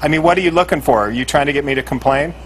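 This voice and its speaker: A man's voice: a little high, very fast, a little hiss or hum, poor audio. A man guesting on a call-in show, talking bluntly and candidly and laughing easily. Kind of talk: casual call-in chat.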